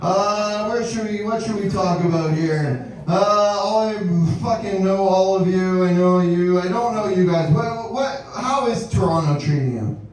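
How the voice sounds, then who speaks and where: A man's voice: high-pitched, a little slow, hardly any pauses, distant mic. A man hosting a live comedy show, doing brash, profane crowd work and laughing with the audience. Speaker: comedy host. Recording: echoey room, mic heard from afar. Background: crowd reactions.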